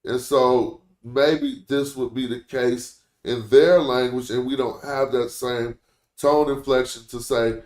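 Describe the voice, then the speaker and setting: A man's voice: medium pitch, measured pace. A man hosting a casual live-stream lesson, explaining points conversationally and thinking aloud. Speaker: language teacher, stream host. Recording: roomy echo.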